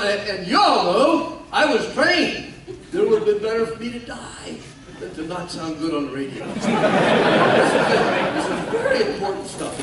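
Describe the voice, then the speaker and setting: An older man gives a speech as guest speaker, telling his story in a folksy way with self-mocking humor. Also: high voice. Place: large hall at a ceremony. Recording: echoey hall from far off, faint noise.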